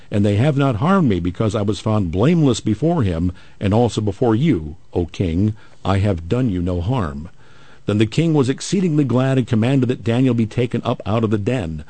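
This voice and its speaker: A man hosting a radio show, reading scripture aloud in a measured way and adding playful asides. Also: medium pitch, mellow, no echo.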